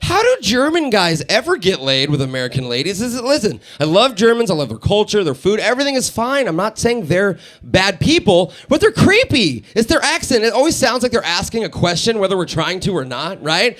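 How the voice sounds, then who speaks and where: Man, stand-up comedian, high-pitched, very lively, laughs at own jokes, radio studio stage. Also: brisk, hardly any pauses. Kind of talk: live stand-up set. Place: radio station live studio.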